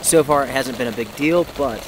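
A mid-range, slightly fast voice belongs to a North Carolina camper vlogging in the woods, friendly and talkative as he speaks to viewers. Now and then he's breathless. Rain patters steadily on the tarp above him, clearly picked up by the outdoor camera mic.

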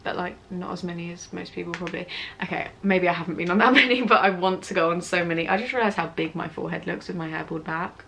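A woman's voice: fairly low pitch, fast talker, vocal fry, bright, forceful tone, a little hiss or hum. Giggly teenage English girl vlogging. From England. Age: teens. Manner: giggly, chatty, rambling. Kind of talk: casual Q&A vlog. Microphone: camera mic with ring light setup.

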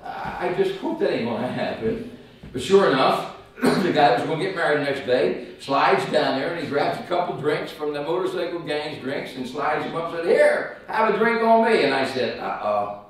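Male evangelist, folksy animated storyteller, high voice, heard from a distance in a very echoey church. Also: normal speed. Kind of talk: sermon testimony storytelling. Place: church sanctuary.

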